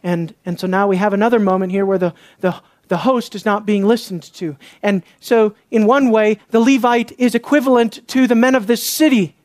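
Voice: mid-range voice, steady tone, normal speed, hardly any pauses, no echo. Impassioned preacher with a dry close sound. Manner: emphatic, with rhetorical questions and hushed asides. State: worked up. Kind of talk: expository sermon.

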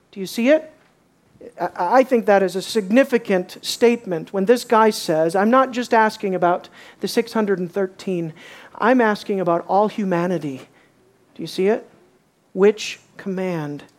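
A woman teaching a bible study, asking her listeners questions and acting out the quoted lines. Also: medium pitch. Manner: animated, asks the audience questions, acts out quotes.

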